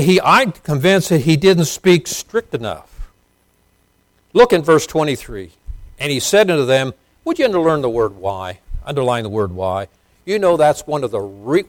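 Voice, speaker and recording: Man preaching a sermon, a bit high-pitched, dry close sound, loud bursts and soft asides. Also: no echo. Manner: preaching with sudden swings between loud emphasis and quiet asides. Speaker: pastor.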